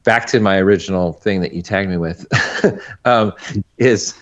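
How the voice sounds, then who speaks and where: A man's voice: low-pitched, a little slow. A man, a guest animator, talking earnestly and emphatically in a casual podcast discussion, often restarting his sentences. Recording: muffled, dull audio.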